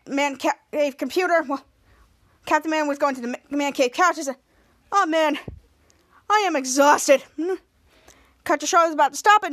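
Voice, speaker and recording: A woman's voice: sits high, fairly bright tone. A woman hosting a podcast, retelling a TV episode in a rambling way with many restarts and acted-out quotes. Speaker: podcast host. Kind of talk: casual episode recap.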